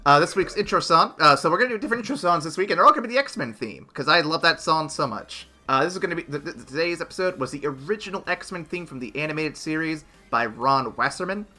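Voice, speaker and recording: A man with an extremely bright, forceful voice pitched a little high hosts a casual podcast, playful and joking with lots of energy. Faint music sits softly behind him. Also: expressive, quick pace, few pauses. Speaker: podcast host.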